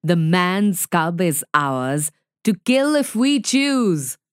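A woman voicing a gruff, protective male wolf in a read-aloud story, speaking low with grunts. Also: lively intonation, drawn-out words, no echo, studio quality. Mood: defiant.

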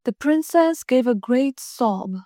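High-voiced woman reading a storybook. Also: animated, takes it slowly, mellow, no echo, studio quality.

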